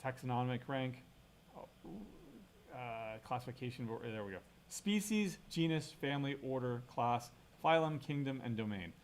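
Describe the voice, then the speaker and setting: Middle-aged man, mid-pitched, casual university lecturer, chatty and thinking aloud, leans on "right?". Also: expressive, moderate pace, a little hiss or hum. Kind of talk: recorded classroom lecture.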